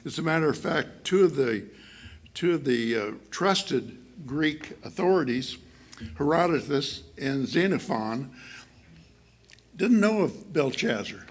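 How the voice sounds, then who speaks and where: A man giving a sermon to his congregation in a chatty, halting way, with many fillers and restarts and frequent laughs. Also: on the high side, animated. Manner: laughs often while speaking. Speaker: church speaker.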